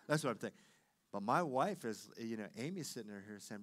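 This sermon comes from a middle-aged pastor speaking at a moderate pace in a medium pitch. His storytelling is animated, shifting back and forth between loud and hushed tones.

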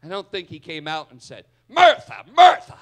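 A male pastor preaching a sermon in a church, dramatic, swinging from loud to hushed. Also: a little high, fairly quick.

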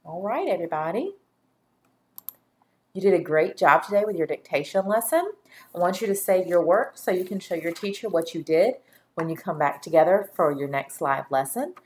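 A woman teacher giving a slow dictation lesson to young children, speaking clearly and deliberately and drawing out each syllable. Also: on the low side, lively intonation. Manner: clear, deliberate, spells words and stretches syllables.

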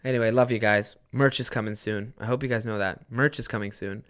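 A man's voice: fairly low pitch, steady tone, fairly quick, fairly bright tone. A young man hosts his own podcast from home, spinning a rambling party story in a loose, profane way. He swears often, laughs at himself, and wanders off into asides before getting back on track. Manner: rambling, profane, self-mocking. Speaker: podcast host. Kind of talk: casual solo storytelling.

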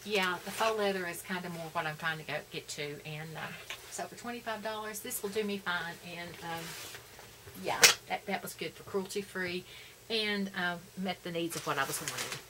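A woman's voice: fairly low pitch, moderate pace. Lady rambling on about her haul at home, lots of ums, some hiss in the background. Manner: chatty, rambling, many fillers. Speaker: vlogger. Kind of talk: casual shopping haul chat.

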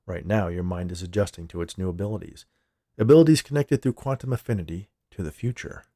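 A domineering company boss talks in a low, gravelly voice, smooth and then explosive, as a man reads him in a storybook. The sound is dry and close. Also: fast, dark tone, dry recording.

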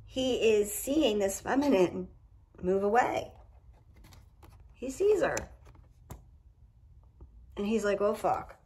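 A woman's voice: mid-range voice, expressive, takes it slowly, long pauses, mellow, husky. A woman giving a casual tarot reading at home, talking candidly and cursing freely. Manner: candid and profane, with emphatic asides. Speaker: tarot reader. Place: indoors at home.

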